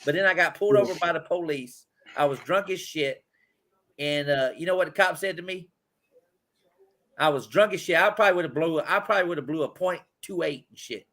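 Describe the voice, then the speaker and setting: Cussing host guy, bright voice, kinda high, rambling stories, sports talk. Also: a little fast. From Indianapolis. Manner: profane, rambling storyteller. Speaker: podcast host. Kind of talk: casual sports chat.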